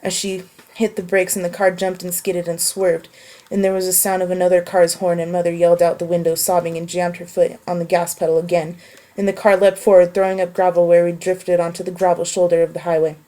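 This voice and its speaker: Wry woman, low-ish voice. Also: little pitch movement, warm tone. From United States. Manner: offhand and wry, reads prose slowly and evenly. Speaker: vlogger answering a question meme. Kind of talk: casual voice post with a read-aloud passage.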